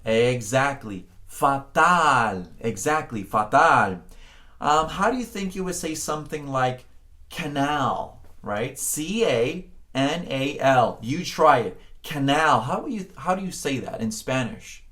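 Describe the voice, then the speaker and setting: A man teaching a Spanish pronunciation lesson, encouraging the learner, often checking in with "okay?", and drawing out words slowly to model them. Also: mid-range voice, very animated, fairly bright tone. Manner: slow, drawn-out words when modeling sounds. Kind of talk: spoken language lesson.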